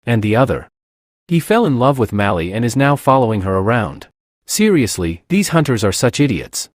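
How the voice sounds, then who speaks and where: A man's voice: medium pitch, sing-song, normal speed, dry recording, studio quality. A man voicing a scornful male master who mocks the hunters. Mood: amused. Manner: mocking.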